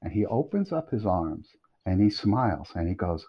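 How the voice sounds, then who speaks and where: A middle-aged man telling a long anecdote as a podcast guest, animated and quick to laugh. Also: fairly low pitch, slightly rough. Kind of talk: storytelling anecdote. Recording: dull lo-fi audio.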